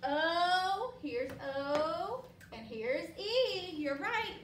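A woman's voice: very high-pitched, lively intonation, very slow, slight background noise. Female classroom teacher, encouraging and patient, recorded far off in a roomy space. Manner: patient, encouraging, call-and-response questioning. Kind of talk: classroom phonics lesson.

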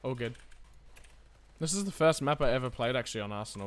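A man live-streaming a game, chatty and excitable, talking to his viewers while he plays. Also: medium pitch, fast.

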